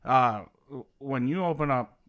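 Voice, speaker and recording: A man's voice: medium pitch, measured pace, fairly bright tone. A man co-hosting a gaming podcast in casual chat, playfully riffing on jokes. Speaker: podcast co-host.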